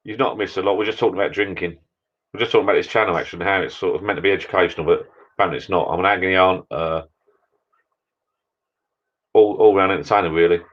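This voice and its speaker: A man's voice: sits low, steady tone, fast, pauses often, a bit bright, highs cut off. A British man hosting a casual live chat with viewers, rambling chattily while drinking beer. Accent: British English. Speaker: livestream host chatting with viewers.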